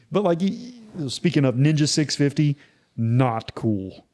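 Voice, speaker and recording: A man's voice: medium pitch, darkish tone. A man hosting a casual podcast chat, opinionated and enthusiastic, often restarting his sentences. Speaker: podcast host.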